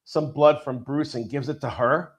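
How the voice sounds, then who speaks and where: A man's voice: mid-range voice, fairly even intonation, moderate pace. A man in casual podcast chat, rambling and swearing as he retells a story and acts out the quotes. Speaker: podcast co-host.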